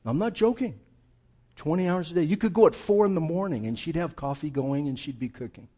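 A male preacher with a somewhat high voice delivers a sermon through funny, animated stories. He slows down for emphasis and swings between loud and quiet. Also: slightly rough. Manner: animated, humorous storytelling, dramatic slowdowns. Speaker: pastor.

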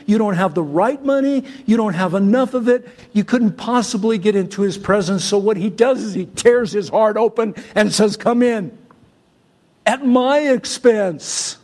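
A male pastor from Syria preaching a sermon, swinging from loud exhortation to soft, conversational storytelling. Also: sits high.

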